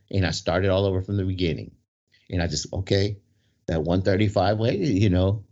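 Man, low voice, rambling storyteller, keeps asking right, muffled lo-fi audio. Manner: rambling, full of "right?" and restarts. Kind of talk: casual storytelling in conversation. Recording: dull lo-fi sound.

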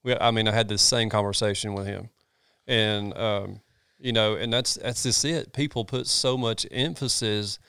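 A man's voice: fairly low pitch, steady tone, normal speed, a bit bright, smooth, no room sound, clean studio sound. A man, a pastor talking in a casual chat, earnest and folksy, with many restarts.

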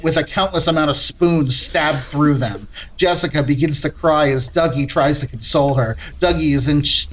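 A man hosting, narrating a comedic retelling of a horror film in deadpan style, correcting himself as he goes. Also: a little high.

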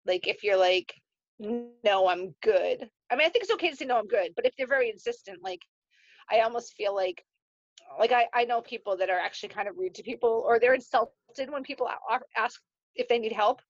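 A woman's voice: a little high, expressive, fast talker, no room sound. Chatty woman, dull lo-fi sound. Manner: chatty, many fillers, laughs easily. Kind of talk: casual chat.

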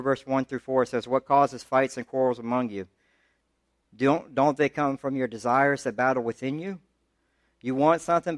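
Male pastor, mid pitch, conversational preacher who climbs in pitch to drive points home, close dry mic. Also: no echo. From United States. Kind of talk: sermon.

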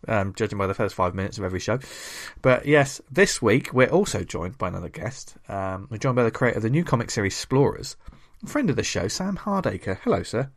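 A man's voice: fairly low pitch, very animated, a little fast. A man hosting a comics podcast in casual chat, jokey and rambling, laughing often. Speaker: podcast host.

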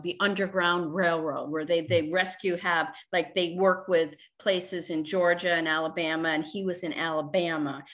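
A woman guest chatting casually in an interview, telling stories with animated quoted voices. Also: fairly low pitch. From Florida. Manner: lively storyteller, animated quotes. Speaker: real estate agent guest.

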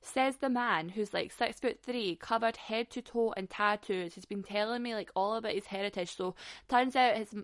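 A woman in her twenties tells a story in a casual, blunt way, swearing freely and laughing along. Her voice sits at a middling pitch. The sound is dry and close, with no room echo. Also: moderate pace.

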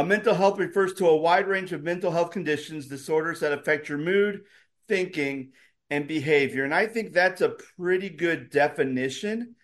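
A man with a somewhat high voice talks in a chatty, explanatory way, dropping ums as he goes. He is a pastor co-hosting a casual podcast discussion. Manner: chatty, explains with statistics, frequent fillers.

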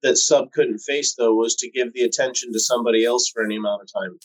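A man's voice: mid-range voice, steady tone, quick pace, low-quality recording. A man in casual chat who tells long stories, swearing freely and filling gaps with "um" and "like." When he quotes other people, he acts out their voices. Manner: profane, laid-back, lots of fillers. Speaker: cannabis breeder guest.

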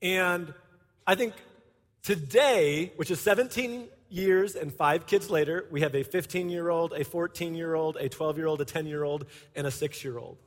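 High-voiced man telling a funny story. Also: normal speed. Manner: animated, laughing storyteller. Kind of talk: humorous personal storytelling to a congregation. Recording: echoey hall.

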